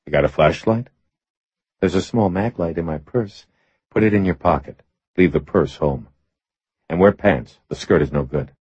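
A man voicing a laconic, tough adult man who answers in short deadpan lines in an audiobook. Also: low voice, moderate pace, pauses often, husky, no echo, highs cut off.

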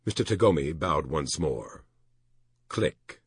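A man narrating an audiobook in an expressive storytelling manner. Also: sits low, moderate pace, husky, no room sound, clean studio sound.

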